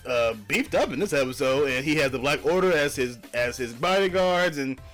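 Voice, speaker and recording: Casting: male vlogger, slightly high voice, rambling, gushing fanboy energy, faint music underneath. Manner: excitable, gushing, bursts into high-pitched shouts; rambling with many fillers and restarts. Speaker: host of a comics review channel. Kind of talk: casual spoiler review.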